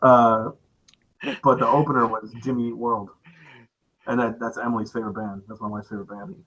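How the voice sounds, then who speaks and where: A man telling a concert story in casual chat, relaxed, with many "uh" fillers. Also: mid-range voice, a little fast, slight background noise, poor audio.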